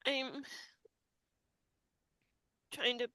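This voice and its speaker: A woman host speaks in a tearful, halting way, breaking off phrases as she tries not to cry. Her delivery is slow and her tone is bright and tense. The recording is dry, with no room echo. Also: high voice, flat delivery. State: tearful, holding back crying. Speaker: podcast host. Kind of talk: emotional tribute monologue.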